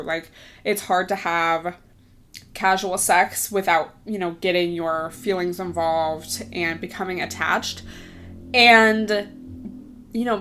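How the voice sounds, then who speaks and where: A woman's voice: mid-range voice, fairly bright tone. A young woman in her twenties, hosting her own podcast, talking casually, laughing often and saying "like" a lot. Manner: chatty, lots of "like", laughs often. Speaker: podcast host. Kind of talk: casual solo chat.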